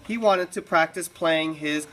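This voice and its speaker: A woman's voice: low voice, measured pace, fairly bright tone. A woman teacher reading a picture book aloud to her class in a classroom, with chatty asides and easy laughs.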